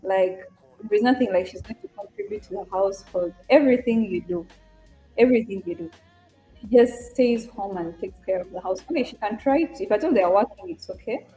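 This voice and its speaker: A woman's voice: mid-range voice, animated, a little fast, mellow, faint music behind. A young woman with an East African accent, hosting a casual live stream, chatting with viewers, greeting them by name and reading their comments aloud. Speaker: live-stream trader and host.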